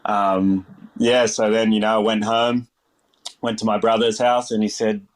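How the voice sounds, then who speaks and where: A man in his thirties with an Australian accent tells his story in a loose, rambling way, full of "you know" and restarts. His voice sits a little low, but it jumps higher when he mimics his younger, naive self. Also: flat delivery, measured pace. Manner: rambling, lots of fillers and restarts. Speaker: chef guest. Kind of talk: casual storytelling interview.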